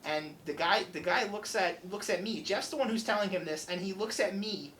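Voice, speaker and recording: A man's voice: high voice, fairly quick, slight background noise, poor audio. A young man hosting student radio, animatedly retelling a story and acting out the dialogue. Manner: animated, acts out customer dialogue. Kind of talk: casual storytelling.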